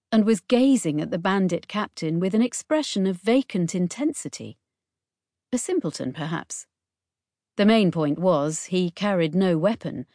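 A woman narrates a novel in an unhurried, measured voice. Her pitch sits slightly low, and the recording is dry and close. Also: a little mellow, dry recording. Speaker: audiobook narrator. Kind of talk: scripted narration.

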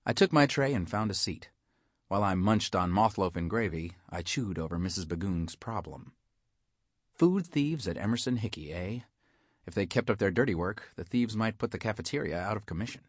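Male audiobook narrator, low-ish voice, dry close read, hard-boiled wisecracking tone. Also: lively intonation, normal speed, no room sound. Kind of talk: scripted first-person story narration.

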